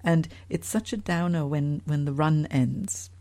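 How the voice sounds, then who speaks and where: A woman from Singapore hosting a podcast interview, chatty and expressive. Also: low-pitched, unhurried. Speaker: podcast host.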